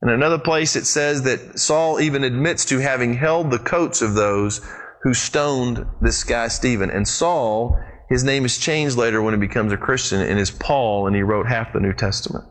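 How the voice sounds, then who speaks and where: A pastor preaching a sermon, retelling the story with lively, sweeping swings in his voice and speaking straight to his congregation. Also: normal speed. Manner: animated storytelling with big pitch swings; addresses the congregation directly.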